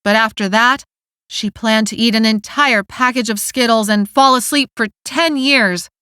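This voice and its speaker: Woman, audiobook narrator, scripted narration, smooth, dry studio sound. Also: on the high side, moderate pace, dry recording. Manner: steady, clear storytelling.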